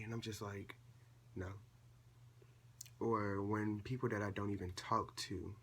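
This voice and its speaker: Gravelly-voiced teenage guy telling a story. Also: lowish voice, a little hiss or hum. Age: late teens. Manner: chatty, animated retelling with quoted dialogue. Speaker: vlogger. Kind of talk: casual storytime vlog.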